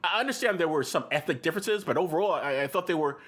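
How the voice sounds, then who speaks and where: A man with a high, bright-sitting voice that swoops all over the place as he talks. He co-hosts a casual podcast chat, excitable and animated, with laughter bubbling up between his sentences. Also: quick pace. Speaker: podcast co-host.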